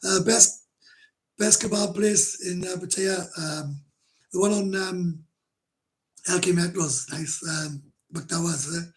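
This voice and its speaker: A man's voice: sits high, fairly even intonation, slow pace, pauses often. A middle-aged Welsh man hosting a casual livestream, chatting to viewers in a blunt, rambling way, swearing freely and laughing often. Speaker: livestream host. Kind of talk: casual livestream chat, reading comments.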